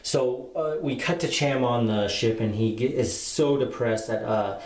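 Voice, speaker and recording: A man's voice: medium pitch, unhurried, darkish tone. Rambling man in a roomy echo. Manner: rambling, filler-heavy plot retelling. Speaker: book reviewer. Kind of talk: casual spoken book review.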